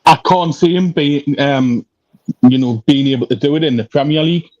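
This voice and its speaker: A man's voice: a little high, normal speed, a little mellow, no echo. Blunt man on dull, dry call audio. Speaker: panel guest. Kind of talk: casual podcast chat.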